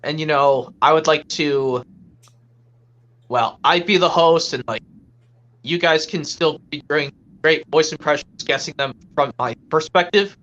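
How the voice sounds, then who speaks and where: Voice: mid-range voice, measured pace, fairly bright tone, lo-fi sound. A co-host on a casual chat stream who rambles and keeps restarting sentences.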